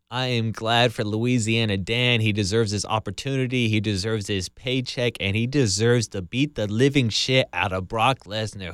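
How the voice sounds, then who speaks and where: A man's voice: medium pitch, smooth, no echo. Brief: male podcast host, ranting and swearing, dry close recording. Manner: heated, ranting, heavy swearing. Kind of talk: profane casual commentary.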